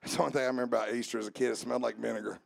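A man delivers an Easter sermon in church, first joking quietly with the congregation, then building to loud, drawn-out preaching. His voice is medium-pitched, level in tone, and creaky.

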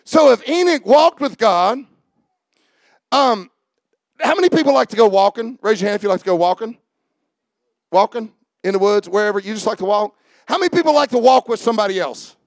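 High-voiced preacher with gravelly shouts. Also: male voice, animated, a little fast, long pauses, no echo, clean studio sound. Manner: preaching, often shouting, asking the congregation questions. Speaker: pastor. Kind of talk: sermon.

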